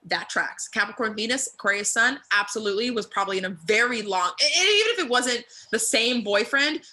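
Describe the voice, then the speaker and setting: Casual woman podcast co-host, bright and lively delivery, chatty, acts out quotes. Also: on the high side, fairly quick. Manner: chatty, quotes people in put-on voices. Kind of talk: casual recap chat.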